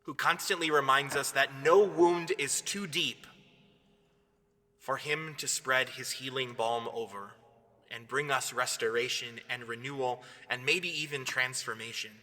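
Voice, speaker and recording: A man, a priest, giving an earnest, measured devotional reflection. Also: medium pitch, sharp tone. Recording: long hall reverb.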